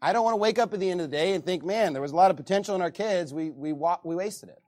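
A man preaching a sermon as pastor, animated, often reading scripture aloud to the congregation. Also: sits high, very fast.

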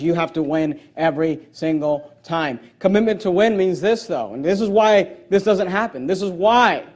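A man preaches a sermon in a strikingly high voice. He drives his points home by repeating phrases and swells into loud, emphatic exhortations. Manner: emphatic, repetitive, building to raised exhortations.

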